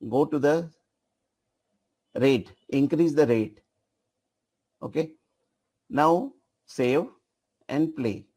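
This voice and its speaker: A man giving a live software demonstration as trainer, repeating phrases and directing an assistant at the controls. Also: on the high side, very slow, long pauses, slightly rough.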